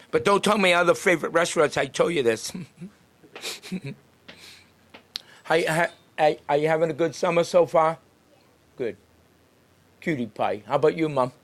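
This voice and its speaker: An upbeat man with a slightly high voice chats with people passing by on a town street. He talks freely, laughing often, as a street greeter and podcast host. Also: normal speed, long pauses, a bit bright. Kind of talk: casual chat with passersby.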